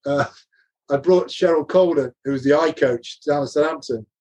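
A man's voice: a little high, normal speed, darkish tone, dull audio. An older man, a former rugby coach, telling anecdotes in a casual interview, laughing often and restarting his sentences.

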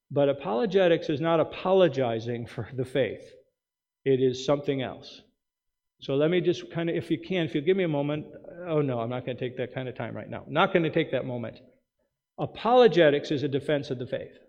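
A male pastor preaching a sermon, with emphatic rhetorical questions and quick asides. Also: fairly high pitch. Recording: dull sound with long hall reverb.

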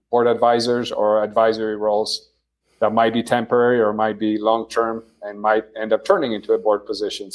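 Man, from Poland, company founder, interview guest, measured, lots of fillers. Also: mid-range voice. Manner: relaxed, measured, with many fillers. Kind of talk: casual interview.

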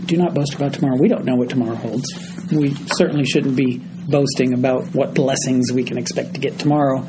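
A man's voice: a little high, noisy background. A man teaching a group Bible study, explaining a passage verse by verse and often checking in with his listeners.

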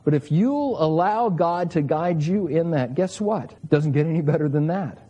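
A man's voice: a little high, lively intonation, normal speed, mellow, breathy edge, muffled recording. A man in his sixties preaching a sermon to fathers, earnest and emphatic, telling stories and asking rhetorical questions. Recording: long hall reverb.

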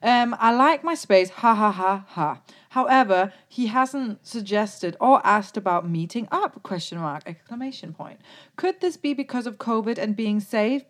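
Give me a woman podcast co-host, chatty and giggly, reading a listener letter. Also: medium pitch. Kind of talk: casual chat.

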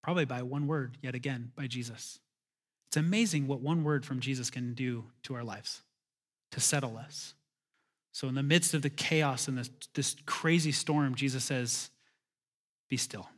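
A man preaching a sermon in a church in a casual, animated, self-interrupting way, with chuckling asides. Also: medium pitch, moderate pace. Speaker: pastor.

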